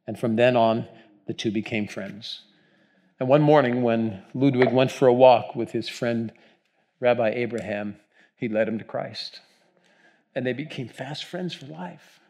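A man's voice: mid-range voice, unhurried, darkish tone. A male pastor preaching a sermon in a conversational, storytelling way, with asides to the congregation.

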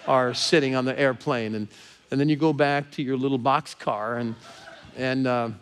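A man with an American accent, a pastor telling a personal story from the pulpit in an animated way. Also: medium pitch, normal speed, clear, resonant tone. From Southern California. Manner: animated, grows excited and laughing as story builds. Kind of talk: sermon storytelling.

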